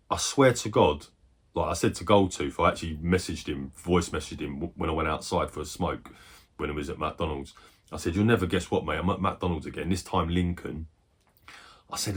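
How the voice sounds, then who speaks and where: A man in his forties with a low, slightly husky voice, chatting in a loose, rambling way. He swears freely and jumps into quick excited bursts before settling back down. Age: 40s. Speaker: retro game collector. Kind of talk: casual chat.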